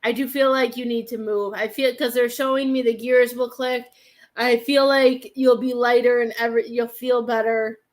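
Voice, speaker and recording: A woman's voice: a little high, level tone, normal speed. A woman hosting a live-stream psychic reading, hesitant and thinking aloud as she speaks to viewers by name. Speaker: psychic medium host.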